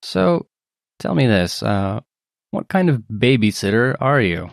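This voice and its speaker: A man narrating as game master, measured and wry. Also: on the low side, animated, vocal fry, dry recording, clean studio sound.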